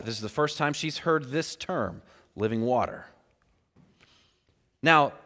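A man's voice: on the high side, a bit bright, big-room sound. A man preaching a sermon, acting out the voices in the scripture story as he goes.

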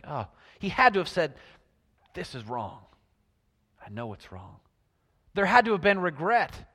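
Preaching man in a reverberant hall. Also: a little high. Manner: storytelling, swings from loud emphasis to hushed. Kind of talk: sermon.

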